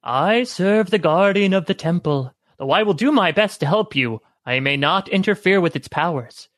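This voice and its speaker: A man reading the part of a grave old temple monk, speaking slowly and solemnly. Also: high voice, animated, fairly bright tone, no echo, studio quality. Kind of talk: reading a story aloud with friends.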